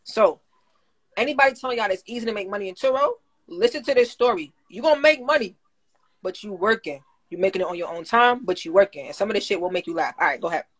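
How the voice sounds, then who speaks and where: A man chatting casually on a livestream, slangy and animated, laughing a lot. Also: sits high, fast.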